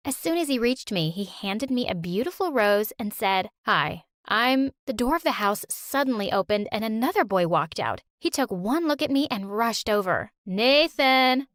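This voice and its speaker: A woman narrating an animated story in an expressive, youthful way. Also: on the high side, no room sound, clean studio sound.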